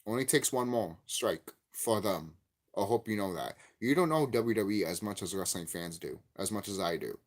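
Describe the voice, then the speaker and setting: A man giving a profane, angry vlog rant about a game, repeating himself and cursing. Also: brisk. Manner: angry, profane, repetitive ranting; lively swinging pitch, gets loud and high when worked up. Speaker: YouTube game commentator. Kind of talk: ranting vlog commentary.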